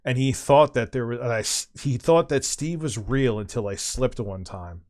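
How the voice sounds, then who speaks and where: A man's voice: medium pitch, normal speed, darkish tone. A middle-aged man chatting casually as a streamer, telling a long rambling anecdote with swearing and restarts. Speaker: streamer and host. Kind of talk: casual chat, storytelling.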